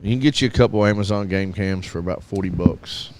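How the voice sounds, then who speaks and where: A man's voice: deep voice, fast talker. A man, co-hosting a casual radio talk show and joking around with friends in country slang. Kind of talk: casual banter among friends.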